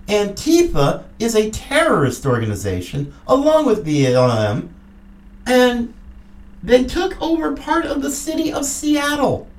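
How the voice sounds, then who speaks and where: Animated ranting woman in an echoey room. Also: mid-range voice, distant mic. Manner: angry, mocking, sarcastic. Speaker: podcast host. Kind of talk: political commentary rant.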